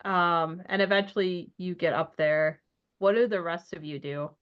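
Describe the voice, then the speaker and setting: A woman's voice: lowish voice, fairly even intonation, unhurried, clean tone. A woman narrating a tabletop horror game as game master, loose and chatty, with many ums and likes. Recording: dull lo-fi sound.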